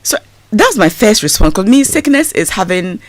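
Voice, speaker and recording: A woman's voice: medium pitch, moderate pace. A woman, a guest telling a personal story in a radio interview, acting out what people said. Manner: animated storyteller acting out quoted speech.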